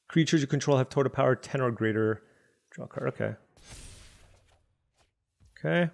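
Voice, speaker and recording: A man's voice: medium pitch, normal speed, vocal fry, pauses often. A man streaming a digital card game, chatty and musing aloud over each play as he weighs his options. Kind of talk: thinking aloud while playing.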